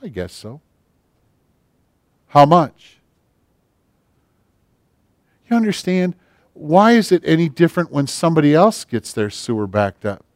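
A man's voice: a little high, sing-song, normal speed, long pauses, no room sound, studio quality. A male pastor preaching a conversational sermon, asking the congregation questions and acting out the prayers people pray.

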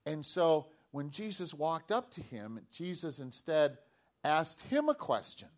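Male pastor, children's message; lively storyteller, slightly high voice, keeps asking the kids questions. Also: a little slow. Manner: animated, asks children questions, acts out voices.

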